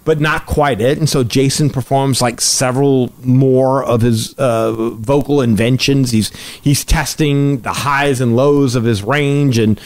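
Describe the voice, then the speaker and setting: A man's voice: mid-range voice, unhurried, few pauses. A man hosting a podcast, telling a story in casual chat and acting out the quotes with energy. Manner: animated storyteller, acts out quotes. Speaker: podcast host.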